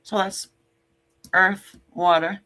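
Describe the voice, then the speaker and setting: A woman's voice: mid-range voice, flat delivery, takes it slowly, sharp tone. A woman giving a casual tarot reading to camera, blunt and joking, with sassy asides and casual swearing. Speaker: tarot reader.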